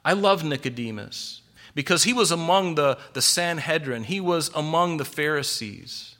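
A man preaching an expository sermon, animated and full of rhetorical questions. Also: fairly high pitch, normal speed. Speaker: pastor.

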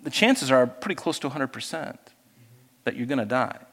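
A man's voice: medium pitch, lively intonation, normal speed, a bit bright, long reverb tail. A male pastor preaching a sermon in a conversational way, asking the congregation questions and acting out little voices.

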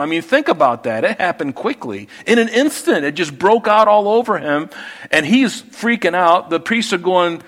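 A pastor with a high-pitched voice leads a verse-by-verse expository Bible study at normal speed, reading passages aloud and explaining them. He's animated, swinging between loud emphasis and quiet asides.

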